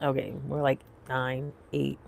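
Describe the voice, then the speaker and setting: A woman in her thirties hosting a live commentary stream, chatty and animated, laughing often, with lots of fillers. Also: rumbling low, unhurried, creaky. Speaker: livestream commentary host. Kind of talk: casual commentary chat.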